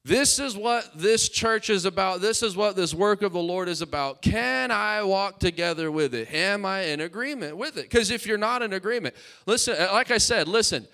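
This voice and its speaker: A man's voice: high voice, animated, moderate pace, few pauses, pushed and bright. A male pastor preaching a fervent, emphatic sermon in church, calling out to his congregation.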